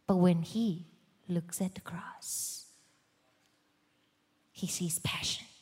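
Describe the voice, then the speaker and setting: A woman giving a sermon testimony in a church, swinging from loud urgent passages to hushed whispers. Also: on the low side, fairly even intonation, slow, slightly rough. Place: large church hall. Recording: long hall reverb.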